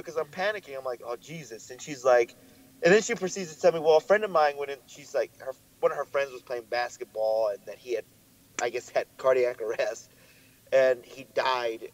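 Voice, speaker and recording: A young man co-hosting a podcast, telling a story in a lively way and swearing often, his voice jumping up when he gets worked up. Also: medium pitch, brisk, a little hiss or hum, low-quality recording. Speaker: podcast co-host. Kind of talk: casual chat.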